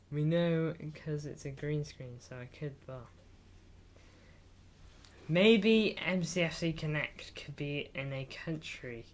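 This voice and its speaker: A fairly high-pitched, slightly bright male voice, with a little hiss or hum in the audio. He's a casual, joking football livestreamer in front of an indoor green screen, reading chat aloud and calling viewers lad.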